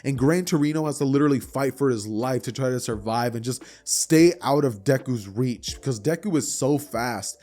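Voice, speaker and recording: A man's voice: mid-range voice, normal speed, few pauses. A young man telling a made-up anime story in a chatty, slangy way. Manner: slangy, chatty, animated retelling. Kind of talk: casual storytelling.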